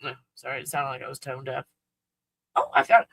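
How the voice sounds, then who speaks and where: A woman's voice: sits low, very animated, normal speed, creaky, fairly bright tone, slightly rough, dry recording, low-quality recording. A woman hosting a casual live stream from home, blunt and freely swearing, cooing in baby talk at her dog.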